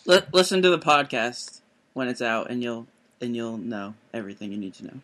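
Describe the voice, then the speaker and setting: Hesitant bright-voiced man podcasting. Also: medium pitch, animated, brisk. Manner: hesitant, stammering. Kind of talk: casual chat.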